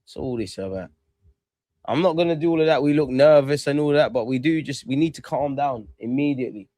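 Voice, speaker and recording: A young man giving excitable live commentary on a match, calling out to players and the referee and swearing. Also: medium pitch, brisk, no room sound. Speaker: football fan streamer.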